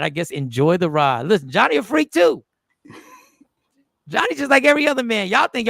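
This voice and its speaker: A man's voice: sits high, lively intonation, moderate pace, gravelly, a bit bright, no room sound. A man hosting a show, joking and reacting to comments in casual comedic talk. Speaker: podcast host.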